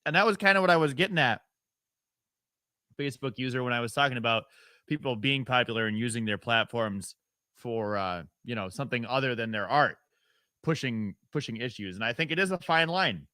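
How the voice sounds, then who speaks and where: A man's voice: medium pitch, expressive, fairly quick, bright, forceful tone, no echo. A man from upstate New York hosting a radio talk show, opinionated and rambling, with fillers and sarcastic asides. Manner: mocks others by putting on their voices. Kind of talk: casual call-in talk radio.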